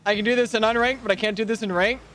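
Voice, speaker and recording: A man streaming a game, chatting casually with rambling restarts and sudden excited outbursts. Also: sits high, rapid-fire, soft background music. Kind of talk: casual live-stream gaming commentary.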